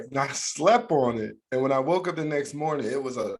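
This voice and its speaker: A man from the USA co-hosting a podcast, telling funny stories with laughs and loud quoted voices. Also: medium pitch, brisk. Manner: laughing storyteller, loud excited quoting. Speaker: podcast co-host. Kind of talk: casual chat.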